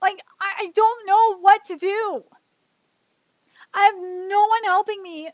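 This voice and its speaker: Woman, very high voice, emotional, frustrated, repetitive, swears, dry close sound. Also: steady tone, takes it slowly, no room sound. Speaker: streamer hosting her own show. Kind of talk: solo livestream venting.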